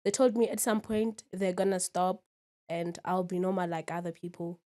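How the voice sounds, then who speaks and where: A woman's voice: on the low side, steady tone, moderate pace, warm tone. A woman in her twenties, a podcast guest, talking candidly and often checking in with the listener. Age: 20s. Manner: candid, keeps asking "you understand?". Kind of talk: casual interview.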